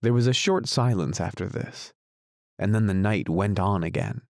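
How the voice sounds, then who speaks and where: A man reads a classic storybook aloud in a measured, even way. His low voice carries a gravelly texture, and the recording is close and dry. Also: dry recording. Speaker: audiobook narrator. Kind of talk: storybook narration.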